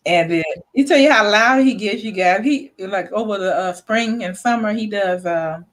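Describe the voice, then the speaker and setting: A woman hosts a casual live chat with a medium-pitched voice at a moderate pace, telling family stories and reading out viewer comments. Her storytelling is animated and full of laughter, and she slips into the voices of her relatives when quoting them.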